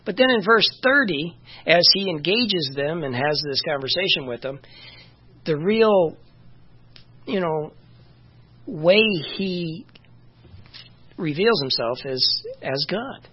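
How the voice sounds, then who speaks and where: A Bible teacher giving an informal, conversational lesson, full of "you know" fillers and pausing to check verse numbers. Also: medium pitch, animated, breathy edge. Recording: dull lo-fi recording.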